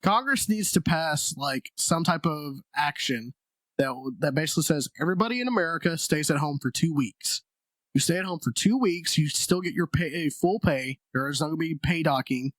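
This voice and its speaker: A man's voice: a little high, lively intonation, normal speed, a bit bright, no echo. A man co-hosting a comedy podcast, rambling and swearing in casual chat and laughing often. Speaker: podcast co-host.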